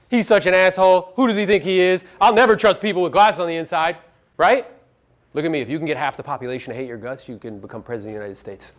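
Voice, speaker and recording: A middle-aged man giving a brash, profane seminar talk, firing rhetorical questions at his audience. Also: on the high side. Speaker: real estate business owner giving a media talk.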